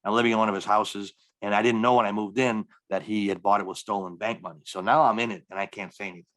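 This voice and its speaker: A man's voice: fairly low pitch, fairly even intonation, quick pace, a bit bright. A middle-aged man, a stand-up comedian, telling a long story in a podcast interview and acting out the dialogue with energy. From Milwaukee area, US.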